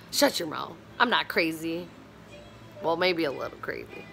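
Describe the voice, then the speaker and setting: Tired mom chatting at home on her phone cam, bright voice, slow easy pace. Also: on the high side, creaky, slight background noise. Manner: chatty and animated, drifting into sing-song teasing. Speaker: vlogger. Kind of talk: casual morning vlog chat. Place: home, indoors.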